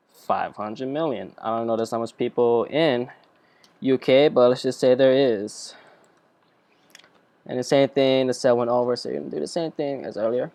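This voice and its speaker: Chatty young man, smooth dry voice. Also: mid-range voice, no room sound. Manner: rambling, joking, chatty asides. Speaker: student tutor. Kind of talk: screen-recorded software tutorial.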